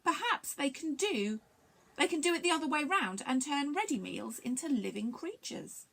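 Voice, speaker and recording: A thoughtful creature from a children's storybook, musing its way through a puzzle, as a woman reads it. The voice rises and falls lively, with a gravelly texture. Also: sits high, moderate pace, pitched above the performer's own voice, exaggerated voice. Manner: musing, reasoning aloud.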